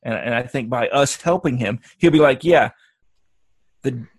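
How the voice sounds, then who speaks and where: A man's voice: mid-range voice, expressive, brisk, husky, no echo. A man co-hosting a podcast in casual, rambling chat, joking a lot and restarting his sentences. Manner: rambling, jokey, restarts often. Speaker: podcast co-host.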